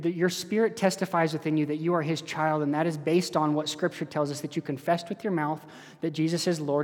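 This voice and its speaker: A man preaching an earnest, conversational sermon as pastor of a church. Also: on the high side. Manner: earnest, conversational with direct questions to listeners. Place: church hall. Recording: echoey hall.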